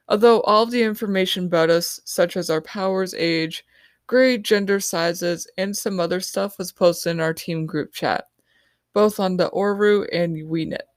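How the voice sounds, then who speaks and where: A woman's voice: lowish voice, dry recording, studio quality. A woman author reading her own novel in the first person on her podcast.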